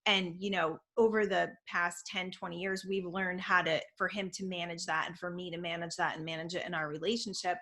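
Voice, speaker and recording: A middle-aged woman co-hosting a casual talk show, telling stories in an animated, emphatic way. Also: on the low side, fairly quick, few pauses. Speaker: podcast co-host. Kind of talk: casual chat.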